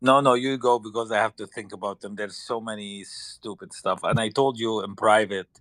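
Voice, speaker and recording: A man's voice: fairly low pitch, steady tone, moderate pace, a bit bright, dry recording. A man with a Lebanese accent telling a story in a hesitant, casual way, stopping often to search for words.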